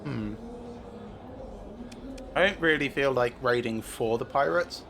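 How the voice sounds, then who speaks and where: A man giving casual gameplay commentary as a streamer, thinking aloud with many filler pauses. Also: mid-range voice, crowd noise.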